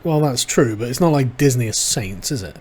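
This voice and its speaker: A man's voice: medium pitch, animated, brisk, darkish tone. A man hosting a casual livestream, reading viewer chat aloud and reacting with wry, sarcastic asides. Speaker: livestream host.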